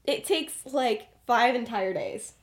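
A woman's voice: on the high side, animated, takes it slowly. Chatty young woman recapping a story. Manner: chatty, lots of fillers and laughs. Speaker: podcast host.

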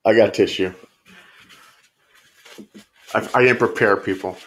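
Male guest, lowish voice, rambling easygoing talker, casual cursing. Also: fairly even intonation, measured pace, a bit bright, a little hiss or hum. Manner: easygoing, rambling, swears freely. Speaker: podcast guest. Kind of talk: casual chat.

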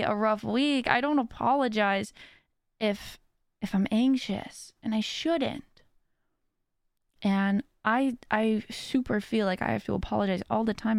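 A woman's voice: fairly high pitch, gravelly, a little mellow, dry recording, studio quality. A woman hosting a podcast, talking earnestly in a casual, rambling monologue with many restarts. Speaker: podcast host.

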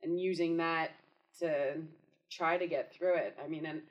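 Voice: mid-range voice, steady tone, a little slow, dull audio. A podcast host who asks long, hesitant questions filled with "um" and "you know". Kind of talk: casual podcast interview.

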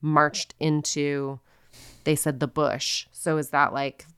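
A woman's voice: low voice, flat delivery, slow, fairly bright tone, clear, resonant tone, no echo, clean studio sound. A woman co-hosting a podcast, telling a true-crime story casually with lots of fillers and quoted asides. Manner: chatty, filler-heavy, quotes people in asides. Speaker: podcast co-host.

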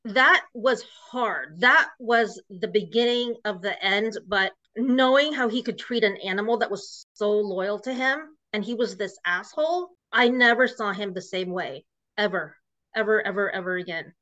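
A woman's voice: medium pitch, normal speed, sharp tone. A woman guest recounting a painful personal story in an emotional way, full of fillers and restarts. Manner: emotional, filler-heavy retelling with many restarts. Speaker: podcast guest. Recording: muffled lo-fi recording.

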